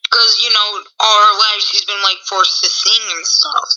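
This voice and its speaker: Very bright woman, rambling with "like" fillers. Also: medium pitch, steady tone, a little slow. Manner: rambling, heavy use of "like" fillers. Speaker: guest. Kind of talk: casual chat. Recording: dull lo-fi audio.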